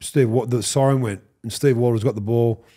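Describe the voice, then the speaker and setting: A man's voice: mid-range voice, brisk, breathy edge. An Australian man in his fifties, a former footballer, telling stories as a podcast guest and acting out the quoted people. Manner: animated storyteller who acts out quotes, swears and laughs. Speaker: podcast guest, former rugby league player. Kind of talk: casual storytelling chat.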